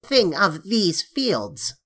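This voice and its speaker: An audiobook narrator voicing a small, nimble male troll from Elfland who is skittish and merry, speaking slowly with raised, questioning lines. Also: medium pitch, very animated, sharp tone, husky, voice pushed up, heavily acted.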